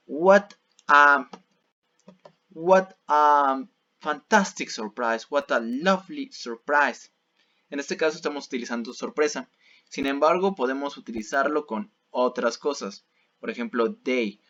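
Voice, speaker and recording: Slow, patient male English teacher. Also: mid-range voice, fairly bright tone, lo-fi sound. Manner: repeats and rephrases each example patiently. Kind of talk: bilingual classroom explanation.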